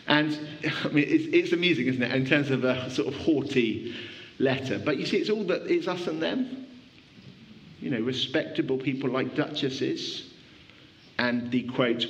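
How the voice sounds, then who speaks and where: A man preaching a sermon in a church, conversational and animated, often restarting his sentences. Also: mid-range voice, moderate pace, muffled recording, a little hiss or hum.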